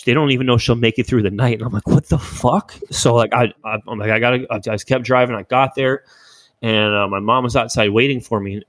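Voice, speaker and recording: Young male podcast host, casual emotional storyteller, dry close sound, mid pitch. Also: a bit bright, no echo. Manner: rambling, emotional storytelling with frequent swearing. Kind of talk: casual chat.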